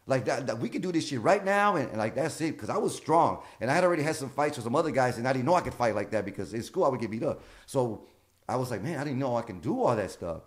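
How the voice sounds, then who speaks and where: This comedian guest has a mid-range voice and a quick pace as he tells casual stories. Lively throughout, he cusses a lot and performs the lines of dialogue he quotes.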